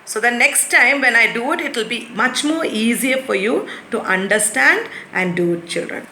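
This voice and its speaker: A woman teacher giving a lesson to young children, explaining patiently and repeating things slowly. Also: on the high side, lively intonation, sharp tone, slight background noise. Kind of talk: recorded classroom lesson. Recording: echoey room.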